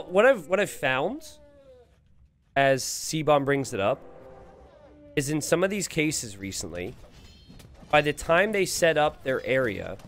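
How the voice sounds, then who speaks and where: A man commentating a strategy game live on stream and reading the chat aloud. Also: mid-range voice. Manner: animated, reads viewer chat aloud.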